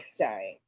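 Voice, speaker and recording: A woman hosting a casual livestream chat, rambling and offhand, swearing freely, on dull lo-fi audio. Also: no echo. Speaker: livestream host.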